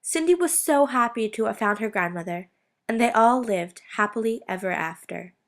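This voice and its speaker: A woman reading a fairy tale aloud as narrator, in a steady read-aloud way. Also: fairly high pitch, normal speed. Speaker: student reader.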